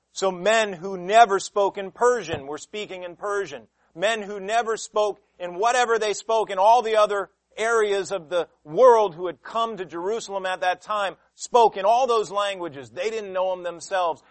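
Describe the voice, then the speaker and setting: A man preaching a sermon with passion, swinging between loud emphatic lines and hushed ones. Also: high-pitched, no room sound, low-quality recording. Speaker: pastor.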